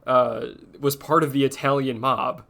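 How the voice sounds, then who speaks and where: A man's voice: mid-range voice, a little slow, vocal fry. Joking man on a casual podcast. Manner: animated, joking, does silly voices. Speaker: podcast co-host. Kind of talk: casual chat.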